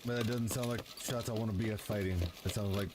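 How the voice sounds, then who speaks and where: A man's voice: on the low side, fairly even intonation, fast. A young man chatting during a multiplayer game, talking bluntly with plenty of swearing. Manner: blunt, profane, dry. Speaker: gamer co-host. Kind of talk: casual gaming chat. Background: gunfire and game noise.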